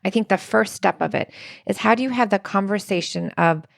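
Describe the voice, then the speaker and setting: Gravelly-voiced woman sharing advice. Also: medium pitch, fairly quick, no echo, studio quality. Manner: earnest, storytelling with quoted dialogue. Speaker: podcast co-host. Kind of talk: relationship advice conversation.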